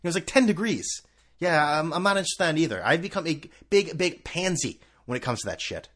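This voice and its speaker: Male podcast host, thirties, scattered and sarcastic, very animated pitch. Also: quick pace. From US East Coast. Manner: sarcastic, scattered, swears freely. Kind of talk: rambling solo sports podcast.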